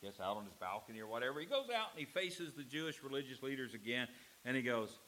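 Animated preacher man, lively pitch. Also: fast talker, a little hiss or hum. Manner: animated, acts out quotes with voices. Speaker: pastor. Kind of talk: sermon.

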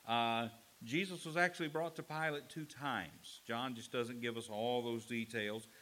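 A man preaching a sermon in an animated way, acting out quotes with voices. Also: mid-range voice, measured pace. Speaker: pastor.

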